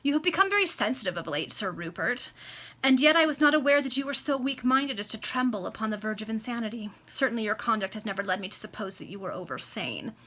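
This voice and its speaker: A woman's voice: fairly high pitch, lively intonation, fast talker, pushed and bright. A woman reading aloud the part of a scornful aristocratic lady mocking her husband, in an amateur read-aloud of a classic novel. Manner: cool, mocking.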